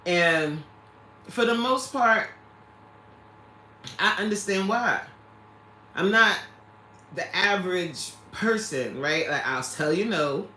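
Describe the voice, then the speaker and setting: A woman's voice: on the low side, lively intonation, takes it slowly, pauses often, bright, forceful tone, reverberant, a little hiss or hum. A woman hosting a casual livestream who reads out viewer comments, laughing often and talking straight to her viewers. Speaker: livestream host reading chat.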